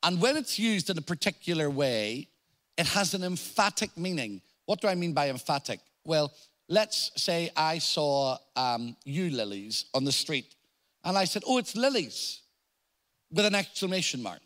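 A man with an Irish accent preaching a sermon, explaining scripture in a deliberate teaching manner and giving quoted lines strong emphasis. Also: on the high side, animated, fairly bright tone. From Ireland.

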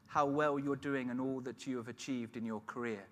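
A man's voice: mid-range voice, fairly even intonation, normal speed, lightly acted. A man recounting the words of a kindly old woman at a wedding, in his own voice with little change. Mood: insistent. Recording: long hall reverb.

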